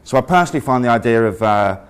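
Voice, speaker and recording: A man's voice: mid-range voice, animated, fast talker. Wry, sweary male speaker. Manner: wry, self-deprecating, sweary. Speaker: invited speaker. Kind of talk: comic storytelling talk.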